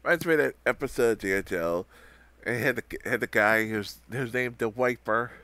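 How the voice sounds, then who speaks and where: A man's voice: mid-range voice, moderate pace, pushed and bright, dry recording. A man streaming a video game, reading the lines aloud with joking, rambling asides. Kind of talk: let's play commentary and voice reading.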